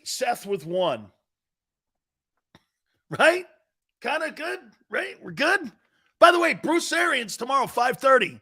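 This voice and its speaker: Bright, lively sports talk host man. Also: sits high. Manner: brash, swears, laughs often.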